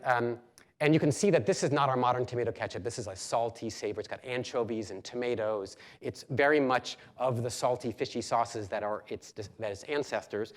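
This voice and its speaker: A middle-aged man giving a public lecture as a professor, telling history as a lively story with many ums and restarts. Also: medium pitch.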